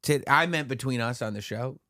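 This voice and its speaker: A man co-hosting a casual podcast, teasing his co-host in quick back-and-forth banter. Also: medium pitch, pushed and bright, dry recording, studio quality. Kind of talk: casual chat.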